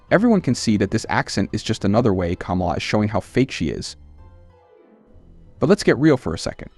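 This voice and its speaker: A man with a fairly low voice reads scripted political commentary as the host of his channel. He sounds scornful and emphatic, pressing each point, with soft music playing under his voice.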